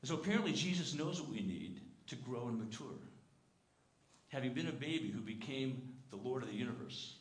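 A pastor delivers his sermon a little fast, earnest and emphatic, his voice sinking soft and low for tender moments. He tells stories with energy, putting on character voices for quoted lines. The echoey church sanctuary carries faint room noise.

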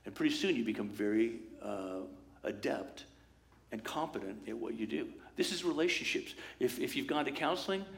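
A man preaching a sermon as pastor, in a lively conversational way, acting out quoted voices and asides. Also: mid-range voice, normal speed, vocal fry.

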